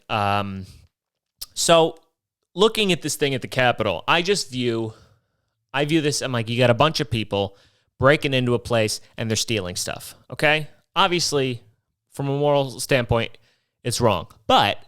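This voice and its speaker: A man's voice: mid-range voice, fairly bright tone, clean tone, no echo, studio quality. A young man telling a rambling, profane comic monologue as host, ranting with mock indignation. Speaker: comedy podcast host.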